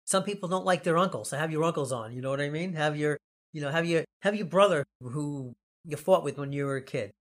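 A man's voice: on the high side, fairly quick. Rambling Long Island man hosting. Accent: New York, Long Island. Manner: rambling, jokey, laughs often. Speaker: podcast host. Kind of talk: casual podcast chat.

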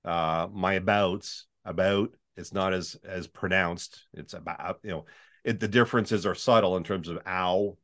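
A Canadian man with a baritone voice, a voice-over artist chatting in an interview and slipping into demo voices. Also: normal speed. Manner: chatty, animated, demonstrates reads in put-on voices. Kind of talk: casual interview chat.

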